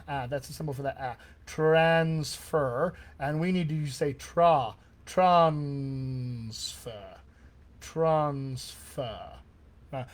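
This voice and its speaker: A middle-aged man teaching as a dialect coach in a live-streamed accent class, talking in an enthusiastic, conversational way with frequent asides. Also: a little high.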